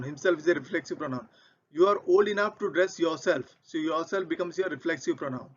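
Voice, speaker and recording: A man teaching grammar in a patient, methodical way, working through example sentences one by one and often repeating his point. His voice sits fairly high. The recording sounds muffled and lo-fi. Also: a bit bright. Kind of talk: explaining grammar over slides. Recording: dull lo-fi recording.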